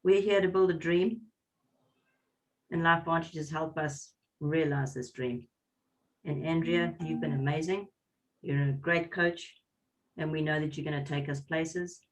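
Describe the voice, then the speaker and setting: A man from South Africa delivers an earnest, motivational message over a video call. His voice sits a little high, and he builds his points in a repetitive, preachy rhythm. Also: fairly even intonation, a little slow, long pauses, far from the mic. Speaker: business partner closing a call. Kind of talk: motivational talk.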